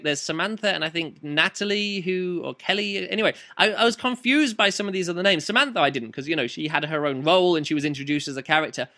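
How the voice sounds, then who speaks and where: Man, book review, casual chat, rambling, lots of ums, bright sound. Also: fairly high pitch. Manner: rambling, hesitant, many fillers and restarts.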